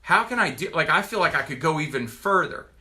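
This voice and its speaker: Guy in his 40s doing a heartfelt testimonial vid, halting, keeps restarting, sharp bright tone. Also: a little high, lively intonation. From Virginia, US. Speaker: doctor giving a product testimonial. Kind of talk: personal testimonial to camera.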